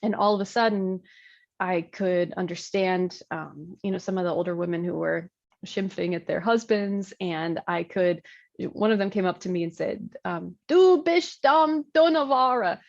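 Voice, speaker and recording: A woman pastor in her thirties from Michigan, chatting in an interview with a gravelly edge to her voice. She rambles and laughs as she talks, with plenty of fillers and restarts. The recording sounds a bit dull and lo-fi. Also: lowish voice, fairly even intonation, moderate pace, darkish tone. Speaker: Lutheran pastor. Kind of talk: casual interview conversation.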